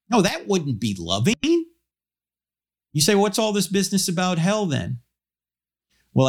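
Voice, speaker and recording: Male apologetics speaker, fairly high voice, animated storyteller with a light comic touch. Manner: animated, varies pitch and pace for emphasis; storytelling with humor. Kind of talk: public talk on theology.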